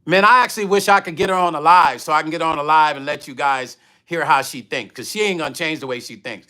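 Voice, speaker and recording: A man hosts a candid livestream, speaking in a slightly high, bright, forceful voice. He tells stories bluntly and with animation, breaking off to read viewer comments aloud. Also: quick pace. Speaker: livestream host and musician.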